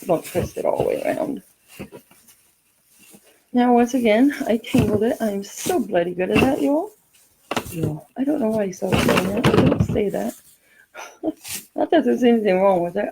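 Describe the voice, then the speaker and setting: A woman's voice: mid-range voice, gravelly, a little mellow, slightly rough, rough recording. A middle-aged woman from California, chatting and rambling through a craft tutorial, laughing often as she tells stories.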